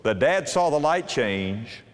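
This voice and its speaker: A man in his fifties preaching a sermon, telling a homespun parable with lively, acted-out character voices. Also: medium pitch, slow. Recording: long hall reverb.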